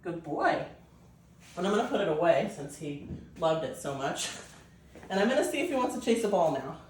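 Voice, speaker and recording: A woman breeder explaining a puppy temperament test, switching between high coaxing puppy talk and calm explanation. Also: fairly quick, distant mic, slight background noise. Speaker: dog breeder. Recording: echoey room, voice off-mic.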